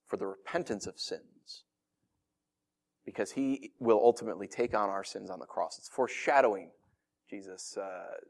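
A man's voice: fairly low pitch, creaky, a little mellow. Pastor guy preaching, laid-back and earnest, ums and uhs everywhere. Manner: conversational, filler-heavy, earnest. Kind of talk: sermon.

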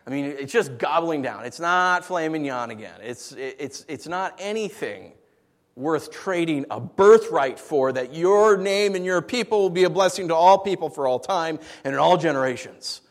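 The preacher speaks moderately fast in a voice on the high side, and a large hall lends a long reverb. He tells his sermon's stories with animated playfulness, his voice swinging widely.

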